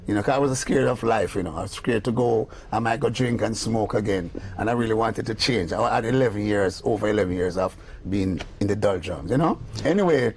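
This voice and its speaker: An older music producer with a Jamaican accent, telling animated anecdotes in an interview and acting out the voices of the people in them. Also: male voice, fairly low pitch, brisk. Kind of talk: storytelling interview.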